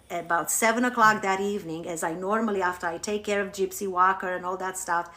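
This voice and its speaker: A woman hosting a live stream from home as a spiritual coach, telling a story in a candid, animated way and swearing freely. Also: mid-range voice. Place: at home on her couch. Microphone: phone.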